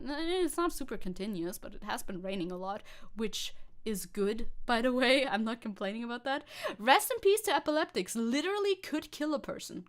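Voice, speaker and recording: A woman streamer chatting casually on a live stream, sarcastic and quick to swear, with laughing asides. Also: on the high side. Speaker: VTuber streamer.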